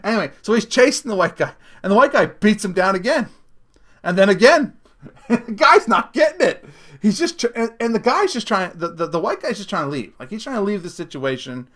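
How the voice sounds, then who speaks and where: A man's voice: high voice, lively intonation, a little fast, fairly bright tone. Laughing man on a rambling rant. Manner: rambling, laughing often, with many restarts. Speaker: podcast host. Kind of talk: casual solo rant.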